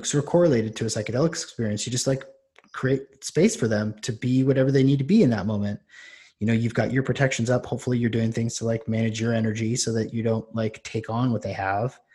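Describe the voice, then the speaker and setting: A man's voice: mid-range voice, darkish tone. A man, a podcast host and coach, telling a personal story in a loose, rambling way with many restarts. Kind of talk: casual storytelling.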